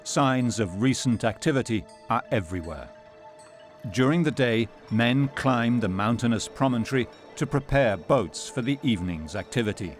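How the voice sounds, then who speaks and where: A man narrating a documentary in a measured, sober scripted delivery. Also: medium pitch, expressive, faint music behind.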